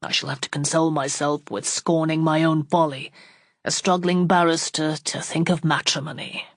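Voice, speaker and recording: Low-voiced proud young suitor, read by a woman, cool and formal, dry close sound. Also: steady tone, dry recording. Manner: measured, formal speech.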